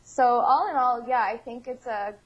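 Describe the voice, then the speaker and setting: A woman's voice: on the high side, moderate pace, husky, dull audio. A woman, a guest expert in an interview, who weighs things thoughtfully as she speaks. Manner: thoughtful, evaluative. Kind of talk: conversational interview.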